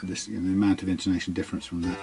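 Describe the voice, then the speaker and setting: A man's voice: sits low, little pitch movement, very fast, vocal fry. A man working as a guitar technician, talking himself through a hands-on workshop demonstration in a musing way.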